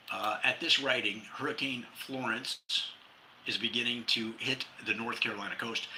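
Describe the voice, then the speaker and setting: A man hosting a humor podcast, reading his jokes and a comic essay, laughing at his own lines and jumping up in pitch for quoted characters. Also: sharp tone, slight background noise, poor audio.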